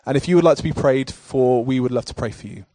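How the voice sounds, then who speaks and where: A male pastor delivering a sermon in a rhythmic, repetitive cadence that builds to forceful declarations. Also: mid-range voice, fast, dry recording.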